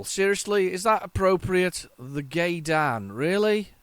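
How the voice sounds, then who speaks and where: A man hosting a retro gaming channel, giving chatty, excitable gameplay commentary with jokey, self-mocking asides to his viewers. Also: high voice, unhurried, hardly any pauses, clean tone, no echo. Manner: excitable, chatty, talks to viewers while playing.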